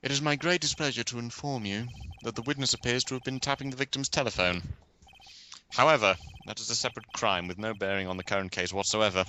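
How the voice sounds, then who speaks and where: A man's voice: medium pitch, fairly even intonation, quick pace, sharp tone, a little hiss or hum, lightly acted. A man voicing a cold, smug male prosecutor in a fan game dub, with formal, haughty diction.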